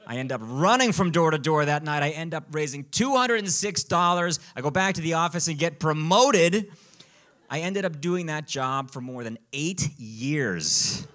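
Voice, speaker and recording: A man telling a comic personal story on a live stage, in an animated, self-mocking way. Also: on the high side, normal speed. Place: live performance venue.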